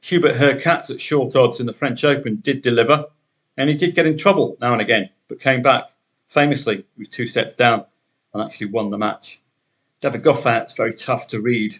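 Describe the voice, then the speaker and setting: A man's voice: medium pitch, brisk, a bit bright. A man hosting a solo betting podcast, talking through the day's matches in a chatty way with wry asides.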